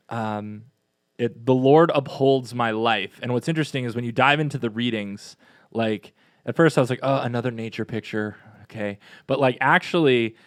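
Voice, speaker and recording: A man's voice: mid-range voice, clear, resonant tone, no echo, studio quality. Chatty upbeat man co-hosting a parish podcast. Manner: chatty and upbeat, quick asides. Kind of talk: casual chat.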